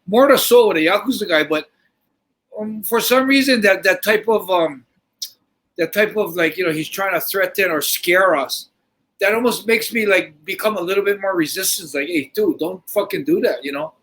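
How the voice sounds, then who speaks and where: A middle-aged man telling a story in casual podcast talk, animated and swearing freely, often restarting his sentences. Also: sits high, normal speed, rough recording. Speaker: podcast host.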